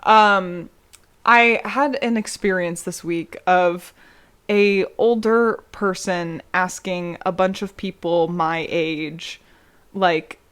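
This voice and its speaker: A woman's voice: fairly low pitch, animated, takes it slowly, smooth. A young woman co-hosting a podcast in casual chat, playful and enthusiastic, giggling between lines. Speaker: podcast co-host.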